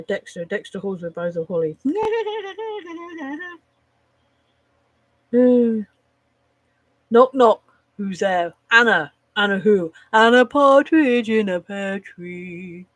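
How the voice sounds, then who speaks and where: A woman's voice: medium pitch, no echo, low-quality recording. A woman chatting casually on a live stream, rambling, swearing freely and laughing at her own jokes.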